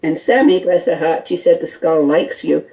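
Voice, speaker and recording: A woman guest on a call-in radio show, telling an animated story full of quoted dialogue and small laughs. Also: deep voice, normal speed, creaky, dull audio. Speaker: guest, skull interpreter.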